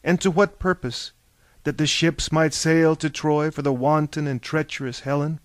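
A man reading a novel aloud as narrator, in measured storytelling that turns theatrical in the dialogue. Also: a little high, steady tone, dry recording. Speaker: audiobook narrator. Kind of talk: scripted narration.

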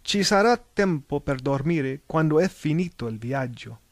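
A kindly older Italian man offers quiet, reassuring words, as a male reader puts him on. The voice is gentle and calm. The sound is dry and close. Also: on the high side, moderate pace, no echo.

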